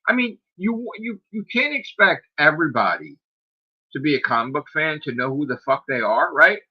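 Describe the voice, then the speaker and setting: A man's voice: a little high, sing-song, moderate pace, husky. A man hosts his own streamed talk show in a loose, profane rant. He keeps piling up rhetorical questions and fillers, sounding exasperated. The recording is a bit dull and lo-fi. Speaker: podcast host. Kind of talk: casual rant. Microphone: streaming microphone.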